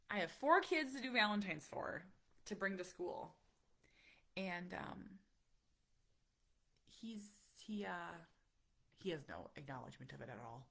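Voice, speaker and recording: A woman in her thirties, a parent, chats with viewers on a casual live stream, speaking candidly and emotionally in a softly confiding way. Her voice is mid-range and creaky.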